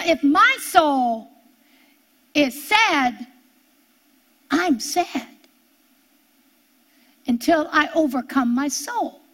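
Woman preacher, high voice, slow and deliberate, drawn-out scripture reading. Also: a bit bright. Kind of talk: sermon.

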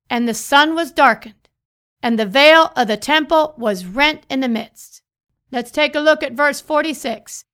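A woman's voice: high-pitched, sharp tone. A woman pastor preaching a sermon, reading scripture and repeating phrases for emphasis.

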